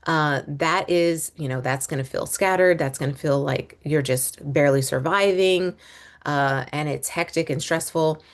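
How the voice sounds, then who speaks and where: A woman's voice: low-pitched, moderate pace. A woman in her thirties, a homeschooling mom and business coach, talking to listeners in a loose, rambling monologue with fillers and restarts. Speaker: podcast host, business coach. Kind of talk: casual monologue.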